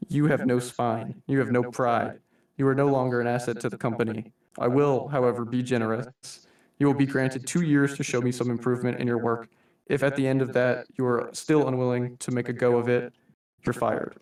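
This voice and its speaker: A man's voice: mid-range voice, level tone, brisk, a little mellow, close to an everyday voice. A man voicing a theatrical masked anarchist who reads a formal, mock-polite monologue addressing humanity as his staff, recorded in a roomy room from a distant mic. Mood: scolding.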